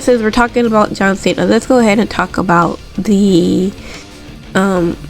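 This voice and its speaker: A woman talking casually and excitably on her own, recapping events with frequent swearing and laughter. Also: medium pitch. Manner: chatty, excitable, swears freely, laughs often. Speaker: wrestling recap host.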